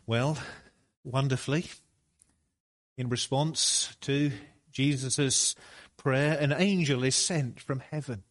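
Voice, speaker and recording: A man preaching a sermon, slow and deliberate, building to emphatic peaks. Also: medium pitch.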